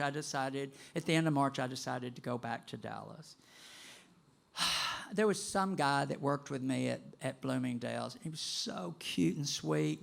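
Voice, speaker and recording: An older man telling a personal story to an audience in an animated, conversational way. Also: fairly high pitch, creaky, smooth. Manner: animated and conversational, with vocal sound effects.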